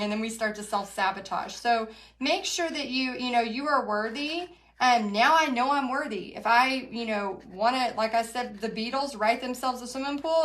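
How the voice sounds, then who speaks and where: Chatty woman, higher voice. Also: a bit bright. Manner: chatty, frequent "like" and "um". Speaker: paint party instructor. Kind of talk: live workshop teaching and motivational talk.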